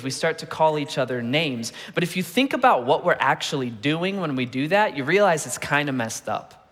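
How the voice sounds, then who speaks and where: 30s pastor guy telling funny stories in a sermon, kinda high voice, big echoey church hall. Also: big pitch swings, normal speed, a bit bright. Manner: storytelling with playful asides, acting out quoted voices. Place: large church auditorium. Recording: long reverb of a large church hall.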